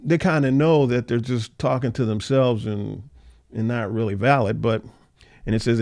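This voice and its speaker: A man at a middle pitch teaches an informal Bible study in a loose, chatty way. He reads a passage aloud, then talks through it with plenty of little fillers, and he gets animated when he acts out the mockers in the text. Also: moderate pace. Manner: reads scripture aloud, then paraphrases it conversationally with many uh fillers; animated, acts out the scoffers' voices in a mocking tone.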